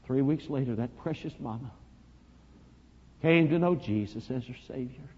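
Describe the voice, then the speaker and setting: A man preaching a sermon, telling a story dramatically and swinging from hushed to loud. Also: mid-range voice, moderate pace, breathy edge. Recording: dull lo-fi recording, long reverb.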